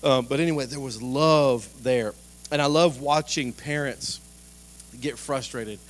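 A man preaching a sermon in a lively, conversational way, joking and asking the congregation direct questions. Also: mid-range voice, unhurried. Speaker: pastor.

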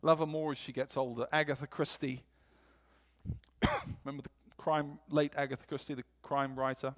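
A man's voice: mid-range voice, moderate pace. A man preaching a sermon in a church, telling stories and acting out quotes with energy. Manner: storytelling, animated quotes.

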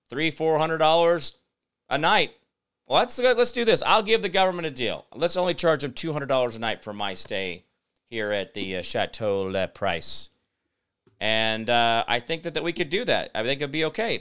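A man's voice: on the high side, bright, forceful tone, clear, resonant tone. A middle-aged American man hosting a solo political commentary show, rambling with sarcastic, mock-innocent asides. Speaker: host.

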